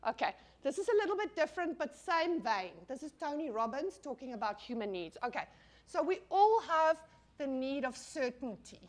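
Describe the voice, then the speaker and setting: A middle-aged woman lecturing a class in a high, bright voice. She is animated and talks to the room directly, firing questions at the audience and dropping casual swear words. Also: normal speed.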